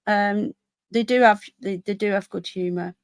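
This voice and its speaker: Her voice is medium-pitched and steady, moving at a moderate pace with no echo. She's an English live-stream host with a Birmingham accent, chatting casually, rambling and reading out viewer comments.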